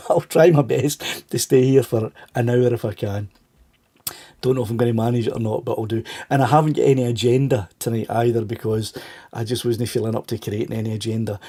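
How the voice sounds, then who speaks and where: A man's voice: medium pitch, mellow. A middle-aged Scottish man hosting a casual livestream chat, stuffed up with a cold, greeting viewers by name and laughing often. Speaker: livestream host.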